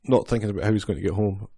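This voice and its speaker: Wry man with a mellow voice. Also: fairly low pitch, brisk, slightly rough, dry recording. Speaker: podcast co-host. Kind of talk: casual chat recapping a cartoon episode.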